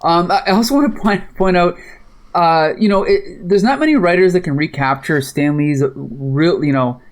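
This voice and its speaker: A man's voice: sits high, moderate pace. A man hosting a casual comic book podcast, chatty, laughing often and acting out quoted dialogue. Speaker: podcast host.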